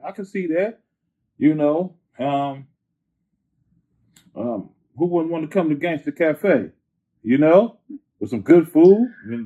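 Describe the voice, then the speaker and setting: Husky man on a tinny line. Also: fairly high pitch. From Bay Area, California. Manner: animated, slangy, leans on "you know". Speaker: rapper guest. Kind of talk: casual interview storytelling. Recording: phone-like lo-fi line.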